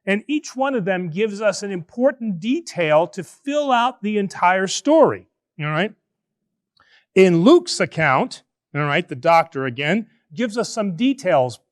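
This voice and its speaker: A man, a priest, preaching an animated, conversational sermon in church, drawing out words for emphasis. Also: sits high.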